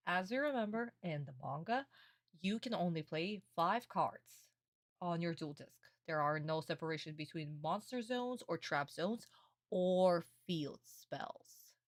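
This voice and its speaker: A woman streamer giving casual reaction commentary on an anime, animated and affectionate, calling her viewers darlings. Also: on the low side, measured pace, no room sound, studio quality.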